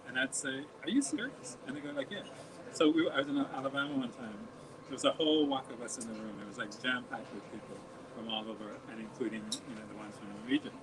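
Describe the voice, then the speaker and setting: A man co-hosting a podcast, telling a rambling story in casual chat in a soft-spoken way. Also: medium pitch. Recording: noisy home recording.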